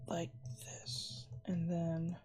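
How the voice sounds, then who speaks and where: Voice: mid-range voice, monotone, extremely slow, a little mellow, slightly rough. An art streamer in casual livestream chat while drawing, teasing viewers playfully and talking through each sketching step.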